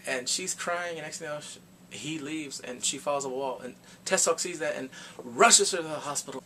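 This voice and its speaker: This is a young man with a voice a touch higher than most men's. He retells a story in a loose, chatty vlog style. He is expressive and theatrical, and he throws in exclamations as he goes. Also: normal speed, slight background noise. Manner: animated, dramatic storytelling with exclamations. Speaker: drama reviewer. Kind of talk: casual recap vlog.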